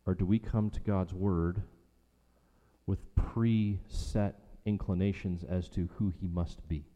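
A man's voice: low-pitched, fairly even intonation, takes it slowly, warm tone. A man preaching a sermon as a pastor, emphatic and rhetorical, repeating his key lines for weight. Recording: long hall reverb.

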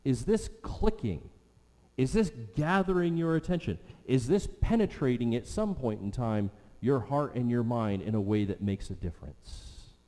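A man's voice: mid-range voice, expressive, normal speed, warm tone. A man preaching a sermon as pastor, emphatic and repeating phrases for stress. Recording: long hall reverb.

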